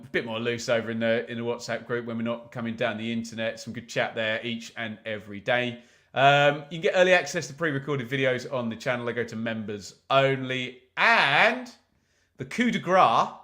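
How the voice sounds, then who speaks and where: A man with a mid-range, fairly bright voice hosts a live football watch-along, chatting casually with viewers and reading their comments. He frequently fills pauses with "um."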